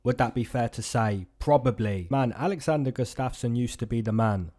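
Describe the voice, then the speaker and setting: Male host of a betting breakdown: casual, animated, repetitive, answers his own questions. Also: mid-range voice, moderate pace. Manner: animated, repeats points, asks himself rhetorical questions. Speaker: fight predictions host.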